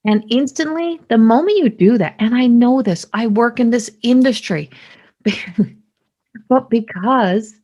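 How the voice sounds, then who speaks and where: A middle-aged woman hosting a podcast, talking in a lively, rambling way with many restarts. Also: fairly high pitch, takes it slowly, muffled recording. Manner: animated, talkative, many restarts. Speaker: podcast host; psychic medium. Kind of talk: casual spoken monologue.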